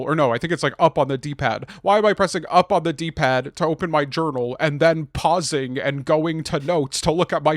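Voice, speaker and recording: A young man co-hosting a podcast in casual chat, ranting with lots of swearing and bursting into loud, exasperated shouts. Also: a little high, normal speed, hardly any pauses, no room sound, clean studio sound. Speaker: podcast co-host.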